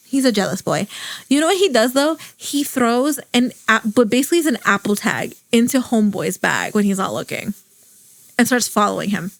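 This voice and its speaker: A woman's voice: medium pitch, a little fast, dry recording. A young woman hosting a podcast, chatting casually and gushing as she retells a show's story. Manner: gushing, animated storytelling with lots of "like". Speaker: podcast host. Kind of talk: casual chat.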